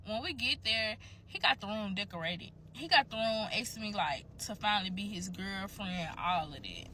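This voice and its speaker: A woman's voice: medium pitch, sharp tone, slight background noise. A young woman casually telling a personal story straight to her viewers, candid, chatty and profane.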